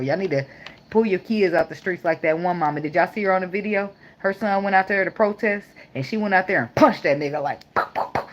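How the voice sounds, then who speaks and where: A woman's voice: on the low side, dull audio. A young woman giving a casual tarot reading, blunt, joking and full of swearing. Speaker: tarot reader.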